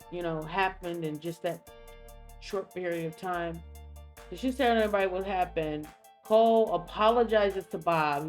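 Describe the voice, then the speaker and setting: A woman narrating gameplay in a casual, animated way, acting out the characters' lines with slang. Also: medium pitch. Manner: animated, acts out dialogue with slang.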